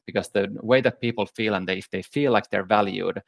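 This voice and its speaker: A man speaking as a panel guest, measured and thoughtful, with frequent "uh" hesitations. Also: fairly low pitch, vocal fry, dry recording. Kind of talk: conversational panel talk.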